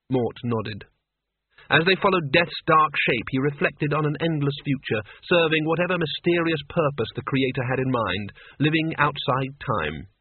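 A man narrating a novel as an audiobook in an even, measured way. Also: a little high, breathy edge, no room sound. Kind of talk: scripted narration. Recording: tinny phone-like sound.

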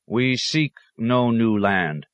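A man voicing a clever male scholar who speaks in a courteous, measured, diplomatic way. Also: medium pitch, animated, no echo, pitched above the performer's own voice. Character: polite, clever male scholar, a traveling outsider.

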